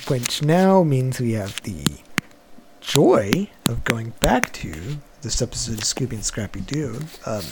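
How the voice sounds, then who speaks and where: A man's voice: mid-range voice, slight background noise. A man hosting a podcast, casually retelling a cartoon episode in a loose, chuckling, wandering way. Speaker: podcast host.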